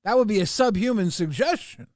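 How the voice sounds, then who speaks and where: A man's voice: high voice, expressive, brisk, darkish tone, no room sound, studio quality. A man hosting a casual streamed chat, often repeating words as he talks. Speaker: host.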